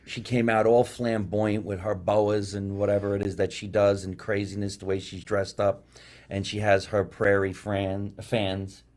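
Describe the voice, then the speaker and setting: A man hosting a podcast, swapping comedy stories in animated, casual chat. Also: on the low side, measured pace. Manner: animated storyteller, acts out quotes. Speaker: podcast host.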